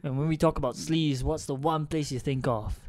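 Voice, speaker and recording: A young man, co-hosting a casual podcast with jokey banter and halting restarts. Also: a little high, fairly even intonation, darkish tone. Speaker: podcast co-host.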